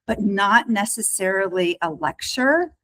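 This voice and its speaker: A woman hosting a casual podcast chat over a video call, chatty, laughing often and pausing on fillers. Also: medium pitch, expressive, fairly bright tone, low-quality recording. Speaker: podcast host.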